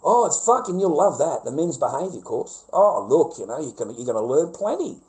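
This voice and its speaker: Mellow-voiced Australian man ranting profanely. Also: a little high, big pitch swings, fairly quick, rough recording. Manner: profane, rambling, repeats himself. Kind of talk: casual rant to a live audience.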